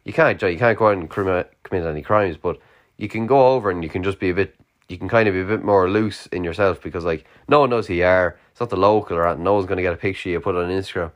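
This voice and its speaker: Deep-voiced, rambling Irish guy. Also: fast. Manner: rambling, sweary, filler-heavy. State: tired, yawning late at night. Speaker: podcast host. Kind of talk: casual solo podcast musing.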